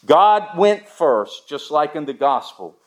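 A man preaching a sermon, emphatic, asking the listeners rhetorical questions and swinging from loud to hushed. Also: on the high side, sing-song, takes it slowly.

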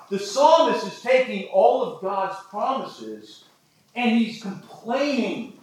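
A man's voice: high-pitched, sing-song, slow pace, reverberant, rough recording. A man preaching a sermon, telling folksy stories with jokes. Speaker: pastor.

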